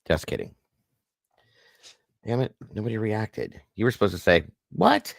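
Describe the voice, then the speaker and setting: A man's voice: fairly low pitch, animated, moderate pace, vocal fry, no echo, studio quality. A man hosting a casual livestream chat, goofy and corny, greeting viewers by name. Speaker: livestream host.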